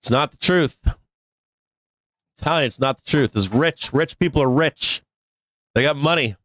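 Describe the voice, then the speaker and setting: A man's voice: mid-range voice, normal speed, a bit bright, no room sound. A man hosting a live stock market show, ranting bluntly with swearing, laughs and restarts. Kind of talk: casual live-stream rant.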